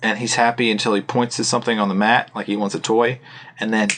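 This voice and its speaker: A man's voice: on the low side, flat delivery, fast talker, a bit bright. A man co-hosting a podcast, telling a rambling story in casual chat and laughing often. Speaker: podcast co-host. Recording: faint background noise.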